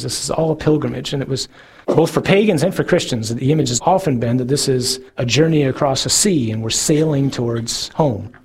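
A man giving a sermon as a priest, earnest, slowing down to stress key words. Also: mid-range voice, slight background noise. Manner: earnest, slows for emphasis.

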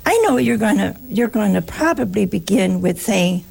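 American woman, religious sister, gravelly and husky, warm chatty storyteller giving a talk. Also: mid-range voice, moderate pace. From United States. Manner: storytelling, chatty, animated asides. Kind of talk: casual spoken talk to an audience.

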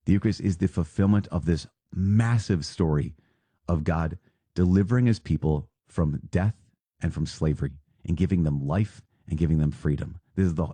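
Low, dark-voiced man reflecting earnestly. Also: breathy edge, no echo. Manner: earnest, emphatic, repeats phrases, laughs lightly. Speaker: podcast host, priest teaching. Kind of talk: catechism reading and reflection.

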